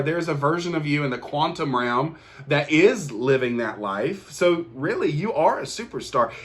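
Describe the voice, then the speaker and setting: A man hosting his own show, delivering an earnest motivational monologue to the viewer, repeating encouragements and often restarting his sentences as he gets emotional. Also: mid-range voice. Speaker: host.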